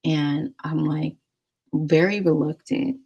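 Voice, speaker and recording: A woman's voice: low voice, steady tone, takes it slowly, mellow, husky, highs cut off, soft background music. A young woman vlogger telling a dating story in a chatty, rambling way, full of "like". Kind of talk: casual storytelling.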